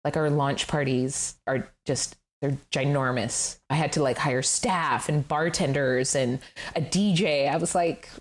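A middle-aged woman, a guest telling her story in an interview, candid and animated, laughing often and swearing casually. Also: deep voice, a little slow. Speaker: guest, furniture designer. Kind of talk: conversational interview.

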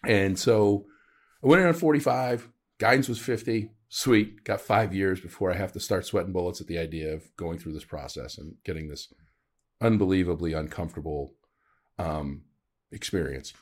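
A man in his forties hosts a podcast in a relaxed, chatty way. His voice sits a little low. He tells his stories with animated self-deprecating humor. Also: moderate pace. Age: 40s. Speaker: podcast host. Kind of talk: casual storytelling chat.

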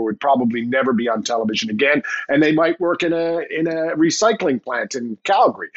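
Middle-aged Canadian man on dull audio. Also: medium pitch. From Newfoundland, Canada. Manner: relaxed storytelling with quick asides. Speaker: guest. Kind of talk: casual interview chat.

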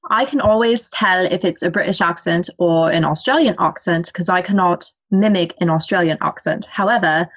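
Laughing woman podcaster, muffled mic. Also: lowish voice. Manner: talkative, laughs often, tells personal stories. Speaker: podcast co-host. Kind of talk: casual book discussion chat.

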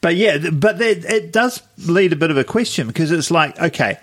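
A man's voice: a little high, animated, a little fast, fairly bright tone. A man, co-hosting a podcast in casual chat, laid-back as he brings up news stories. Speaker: podcast co-host.

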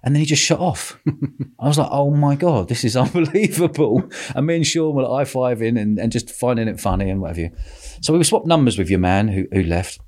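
Man, podcast host, rapid storytelling, laughing, animated, middle pitch. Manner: animated, laughing, acts out quotes. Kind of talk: casual storytelling chat.

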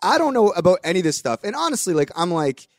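A man's voice: sits high, sing-song, fast, no room sound, clean studio sound. A young adult man hosting a podcast, telling a story in casual chat with voiced quotes and the odd swear. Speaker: podcast host.

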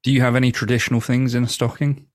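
A man's voice: medium pitch, level tone, fast talker, no room sound, studio quality. A man co-hosting a podcast in casual chat, teasing and laughing often. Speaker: podcast co-host.

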